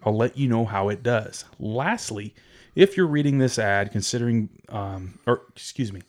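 A man's voice: on the low side, animated, moderate pace, darkish tone. A man co-hosting a podcast, chatting casually and reading listener emails aloud with little asides. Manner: easygoing, reads with little asides. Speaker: podcast co-host.

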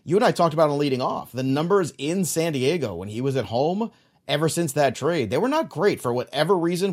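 A man co-hosting a podcast, chatting casually and emphatically, leaning on filler phrases as he makes his points. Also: mid-range voice. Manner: emphatic, leans on "look" and "you know". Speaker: podcast co-host. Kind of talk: casual sports chat.

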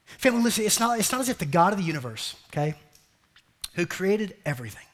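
Speaking fast in a high, sing-song voice, a man preaches as pastor. Repetition marks his sermon, along with calling the congregation family and beloved and acting out joking quotes.

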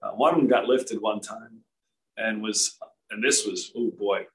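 A man from Rhode Island, a former tour golfer, telling relaxed anecdotes in a casual chat with frequent restarts. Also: on the low side, unhurried, poor audio.

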